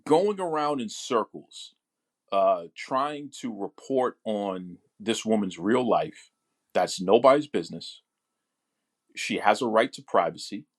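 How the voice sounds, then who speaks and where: Low-voiced enthusiastic podcast host man. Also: lively intonation, takes it slowly. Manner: enthusiastic fan, restarts words often. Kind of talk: casual podcast chat.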